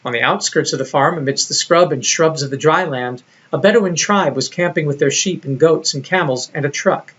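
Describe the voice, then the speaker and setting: Reflective male lecturer, slightly high voice. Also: moderate pace, hardly any pauses, fairly bright tone, slightly rough, dull audio. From United States. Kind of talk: recorded lecture narration.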